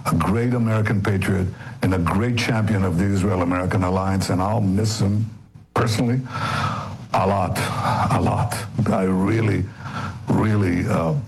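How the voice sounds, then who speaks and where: A man giving an earnest, halting tribute as an interview guest, often repeating himself. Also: low-pitched, a little mellow, slightly rough, poor audio.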